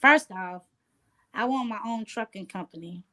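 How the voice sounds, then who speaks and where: A woman talking as an interview guest in casual chat, relaxed and streetwise, often asking "you know what I'm saying". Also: medium pitch, normal speed, slight background noise.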